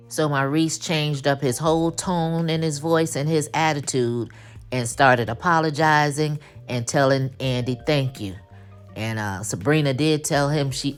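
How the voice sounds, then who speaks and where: A woman with a Black way of speaking, recapping a TV episode in casual, animated chat and acting out the characters' lines with attitude. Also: rumbling low, smooth. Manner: animated, acts out quotes with attitude. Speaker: TV recap host.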